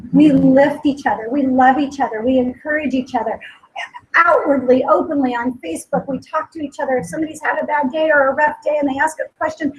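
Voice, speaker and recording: A woman's voice: sits high, poor audio. A woman in her forties giving an earnest motivational speech at a company meeting, repeating her points with emphasis and tearful at times. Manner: earnest, emotional, emphatic repetition. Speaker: company speaker at a sales meeting.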